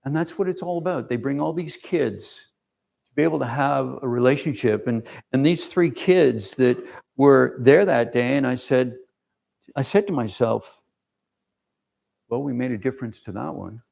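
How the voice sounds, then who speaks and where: Man, gravelly voice, middle pitch, church testimony, rambling and emotional, lots of fillers. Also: lively intonation, moderate pace, darkish tone. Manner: rambling, emotional storytelling with many fillers and restarts. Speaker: church member giving a mission report. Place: church sanctuary.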